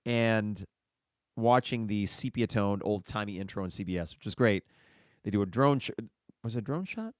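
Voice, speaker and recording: A man's voice: fairly low pitch, lively intonation, moderate pace, clean tone, dry recording, studio quality. A man hosting a casual solo sports podcast, reading listener mail and reacting in a chatty way. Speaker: podcast host.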